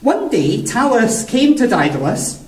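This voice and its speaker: A man's voice: very high-pitched, very animated, a little slow, darkish tone, far from the mic. Playful, theatrical male storyteller in a cave. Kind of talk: live storytelling for a family audience. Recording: echoey cave, voice from afar.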